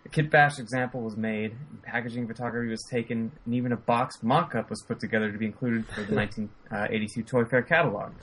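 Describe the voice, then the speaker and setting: Laid back guy co-hosting a podcast, laughs a lot, reads stuff out steady, medium pitch. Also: fast talker, few pauses, slight background noise, poor audio. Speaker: podcast co-host. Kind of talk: casual chat and reading aloud.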